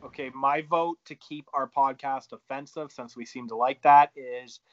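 A man co-hosting a podcast in loud, excitable casual chat, with plenty of swearing. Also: medium pitch, normal speed. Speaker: podcast co-host. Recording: dull lo-fi sound.

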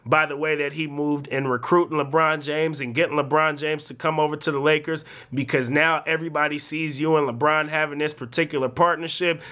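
A man hosting a casual sports talk show, laying out his opinions at length in a measured way. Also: a little high, bright, forceful tone. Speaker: show host.

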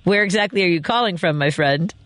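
A woman's voice: fairly low pitch, fast talker, fairly bright tone, no echo. A middle-aged woman hosting a radio call-in show, teasing her caller playfully and laughing often. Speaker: radio host. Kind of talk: casual radio talk. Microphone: studio mic.

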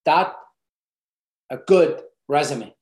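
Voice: medium pitch, drawn-out words, a little mellow. An earnest presenter giving casual, unscripted job-interview advice, repeating key points for emphasis. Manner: loose, unscripted phrasing with frequent restarts. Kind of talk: casual advice talk to camera. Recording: roomy echo.

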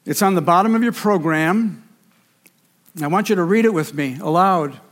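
Man, pastor, higher-pitched voice, sermon, emphatic rhythmic preaching, repetition. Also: normal speed.

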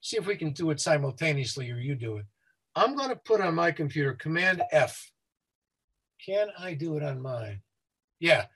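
A man working as a safety consultant. He speaks quickly and explains things step by step as a guest who walks listeners through a website. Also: fairly high pitch, lively intonation, a bit bright, slightly rough, rough recording.

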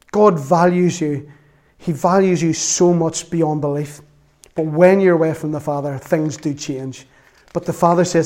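A man's voice: fairly high pitch, fairly even intonation, normal speed, a little mellow. A man preaching a sermon, reading scripture aloud with earnest feeling and a self-mocking sense of humor.

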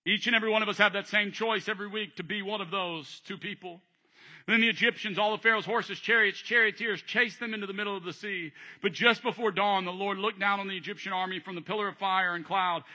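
High bright animated male preacher. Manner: animated, acts out voices, jokes with the congregation. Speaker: pastor. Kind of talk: sermon.

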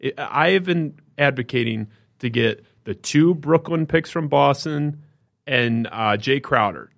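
A man co-hosting a sports podcast, telling a story in casual, animated talk that gets more indignant as it goes. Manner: animated storytelling, rising pitch when indignant. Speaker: podcast co-host.

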